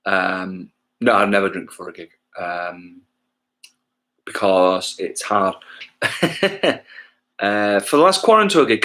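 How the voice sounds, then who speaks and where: Rambling, swearing English musician. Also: male voice, fairly low pitch, fairly bright tone. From England. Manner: rambling, loses his thread, swears casually, self-mocking. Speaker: musician hosting a livestream gig. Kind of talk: casual chat to livestream viewers.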